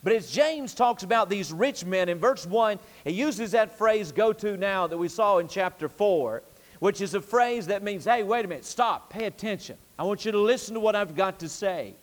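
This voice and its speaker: A man's voice: high voice, lively intonation, normal speed, long reverb tail. A male pastor preaching an evening sermon in an emphatic, repetitive preaching cadence, recorded in a church sanctuary.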